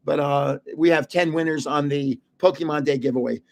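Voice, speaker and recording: A man's voice: a little high, steady tone, normal speed, gravelly. An older man hosting a late-night live stream, rambling casually with chuckles and restarts, sounding tired. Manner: rambling and chatty, chuckling often, many restarts. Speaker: livestream host running a card giveaway.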